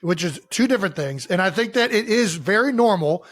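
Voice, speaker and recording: A man with a notably high-pitched speaking voice holds forth as a podcast co-host. He explains his points at length with emphasis, and he swears freely in loose, casual sports chat. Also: animated, brisk, fairly bright tone, no echo.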